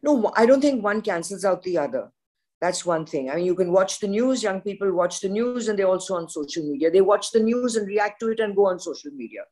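A woman's voice: medium pitch, expressive, a little fast, warm tone. An older woman with an Indian English accent, a veteran news journalist speaking frankly on a podcast panel. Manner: forthright, opinionated storyteller.

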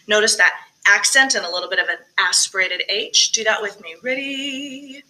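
A woman's voice: medium pitch, a little fast, bright, forceful tone, low-quality recording. A woman directing a choir rehearsal, explaining diction and breathing and singing short phrases to demonstrate. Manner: coaching, demonstrating sung phrases between spoken tips. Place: recorded alone for virtual choir practice.

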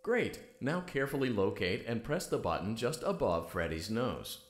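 An actor playing a calm, polite male guide giving step-by-step instructions over an intercom in a game. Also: lowish voice, moderate pace, roomy sound. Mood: instructive.

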